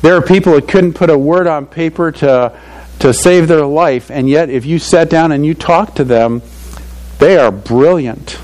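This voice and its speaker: A man's voice: on the high side, a little slow, darkish tone, poor audio. An older man preaching a sermon to fathers in a conversational, earnest way, often saying "you know" and chuckling at his own stories. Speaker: pastor.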